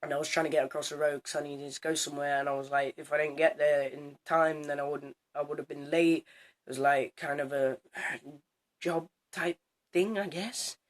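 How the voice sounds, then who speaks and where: A teenage boy telling a story to camera in a casual vlog, animated and swearing, acting out both sides of an argument. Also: fairly high pitch, moderate pace. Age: teens. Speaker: student vlogger.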